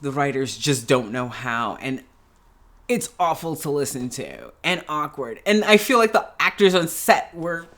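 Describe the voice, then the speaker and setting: A woman giving a casual, animated reaction review of a TV episode, ranting in exasperation and laughing as she talks. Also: low voice, measured pace. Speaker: show reviewer. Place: at home in pajamas.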